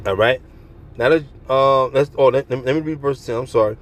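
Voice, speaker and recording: A man's voice: mid-range voice, moderate pace. A man preaching bluntly and profanely outdoors on a city street, with traffic passing behind him. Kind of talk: open-air street preaching.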